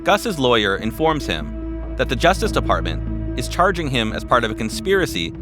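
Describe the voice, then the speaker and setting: A man narrating a documentary podcast in a measured way, with dramatic pauses. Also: mid-range voice, big pitch swings, music in the background. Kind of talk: scripted narration.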